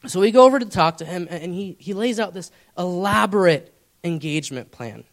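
A man's voice: high-pitched, lively intonation, brisk. A young man preaching, telling a personal story in a casual, rambling way with many fillers. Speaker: pastor. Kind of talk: storytelling sermon.

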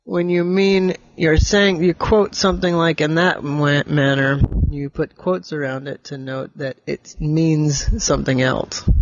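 A man's voice: on the high side, fairly even intonation, unhurried, hardly any pauses, highs cut off. Man telling a story to a child. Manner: gentle, patient, explains simply. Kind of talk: improvised bedtime story.

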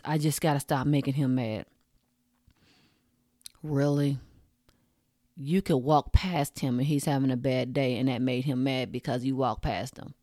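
A woman's voice: extremely low pitch, warm tone, dry recording. A woman podcast host, ranting frankly and profanely in a casual monologue into a close mic. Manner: frank, profane, rants with punchy asides.

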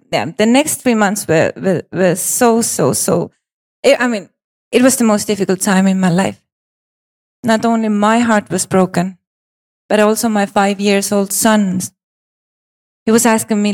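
Slow-paced woman telling a dramatic personal story. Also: medium pitch. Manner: dramatic, swinging between hushed and pleading. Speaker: speaker presenting a personal story. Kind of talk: storytelling speech.

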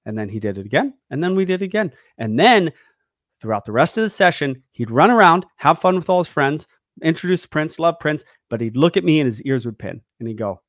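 A man's voice: a little high, fairly quick, dry recording, studio quality. A man hosting a podcast, chatting casually about dog training and getting worked up as he acts out what the dog is thinking. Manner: animated, gets worked up, acts out the dog's thoughts.

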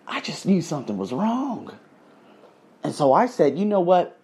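Guy doing a motivational podcast rant, rambly, cusses a lot, super expressive pitch. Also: normal speed. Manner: rambling, animated, swears freely, addresses listeners as guys. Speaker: podcast host. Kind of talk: motivational monologue, casual storytelling.

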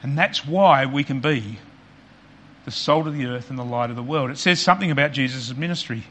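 A man preaching a sermon as pastor, earnest and repetitive for emphasis, often dropping quiet on key points. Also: medium pitch, fairly quick, slight background noise.

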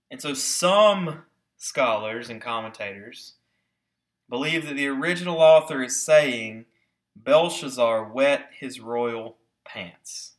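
A man preaching a sermon with emphasis, slowing down to stress key words and putting rhetorical questions to his listeners. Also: mid-range voice, a bit bright. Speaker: pastor.

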